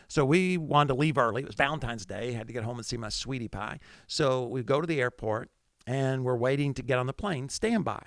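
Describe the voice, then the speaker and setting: A man's voice: medium pitch, fairly bright tone, no room sound, clean studio sound. A middle-aged man, a pastor, telling a personal story in a sermon-like way, acting out his own thoughts with feeling.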